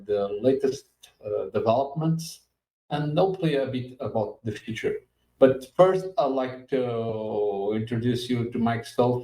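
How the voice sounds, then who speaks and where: A man in his fifties hosts a podcast in a dark, mellow voice, stopping often to search for words. He sits back from the mic in an echoey room. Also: medium pitch, recorded from a distance. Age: 50s. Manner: halting, with many fillers. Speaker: podcast host. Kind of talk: casual podcast interview.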